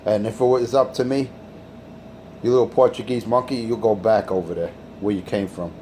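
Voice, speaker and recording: A man's voice: lowish voice, steady tone, moderate pace, mellow, a little hiss or hum. A man hosting a crude, taunting radio rant. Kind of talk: insult-heavy radio rant.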